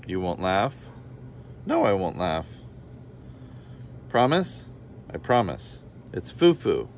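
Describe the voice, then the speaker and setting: Man reading a picture book, low voice. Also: very animated, takes it slowly, long pauses, slight background noise. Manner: gentle storytelling, voices the children's lines slightly higher and livelier. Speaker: storybook reader.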